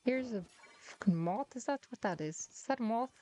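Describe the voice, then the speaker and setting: A woman's voice: fairly high pitch, animated, normal speed, dark tone, a little hiss or hum. A woman chatting casually through her gameplay, teasing and muttering to herself as she plays. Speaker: gaming streamer.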